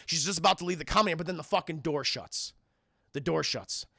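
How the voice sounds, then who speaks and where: A man with a high, heavily gravelly voice and a sharp, bright edge, recapping a movie live for his stream chat. He talks in an animated, profane rush through each scene, keeps turning to address the chat, and sounds close and dry. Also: fairly quick, no room sound. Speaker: streamer and film reviewer. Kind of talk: livestream film review chat.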